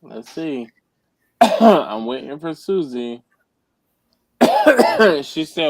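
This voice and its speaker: A man's voice: fairly high pitch, sing-song, extremely slow, darkish tone, no room sound. A man hosting a casual group chat over a video call, laid-back and joking, repeating himself. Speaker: livestream host.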